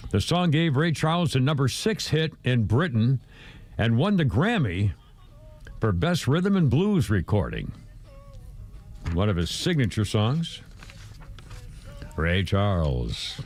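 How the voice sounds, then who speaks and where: A man's voice: medium pitch, big pitch swings, takes it slowly, pauses often, darkish tone, faint music behind. A male radio host in casual sports talk who rambles, hums, and chuckles between stories. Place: radio studio.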